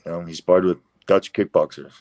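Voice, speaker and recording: A middle-aged man with a very low voice speaks as a fighter in a casual interview. He talks bluntly and swears now and then. His sentences stop and restart around fillers. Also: steady tone, brisk, darkish tone. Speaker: professional fighter, guest.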